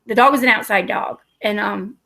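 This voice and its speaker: A woman's voice: mid-range voice, moderate pace, vocal fry, bright, forceful tone. A woman, telling rambling, profane, self-mocking stories in casual talk. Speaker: storyteller. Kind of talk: casual storytelling.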